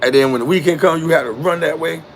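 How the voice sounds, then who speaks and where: A man's voice: on the high side, fast talker, a little hiss or hum. A man telling a story in a casual, slangy, emphatic monologue with a preachy edge.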